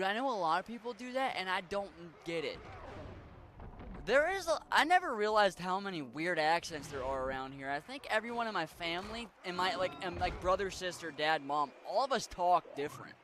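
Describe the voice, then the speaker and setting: A young streamer man from western Maryland whose accent blends Pittsburgh and Appalachian sounds. He rambles on in loose, profane chat while he plays, his voice sitting a bit high with a bright, forward edge. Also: expressive, normal speed, a little hiss or hum. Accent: western Maryland, Pittsburgh-Appalachian mix. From western Maryland, USA. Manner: rambling, chatty, swears casually. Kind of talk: casual chat while gaming.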